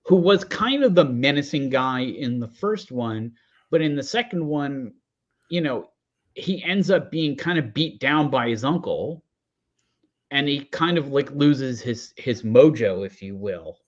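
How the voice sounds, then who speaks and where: A man's voice: mid-range voice, expressive, unhurried. A man chatting about films, rambling through asides in a voice that rises and falls a lot. His audio comes through dull and lo-fi. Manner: rambling, lots of fillers and asides. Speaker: podcast guest. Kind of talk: casual film review chat.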